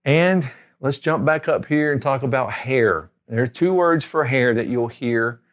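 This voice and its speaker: Language tutor, man, middle-aged, slow steady delivery, repeats every word twice. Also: mid-range voice. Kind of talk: spoken language lesson.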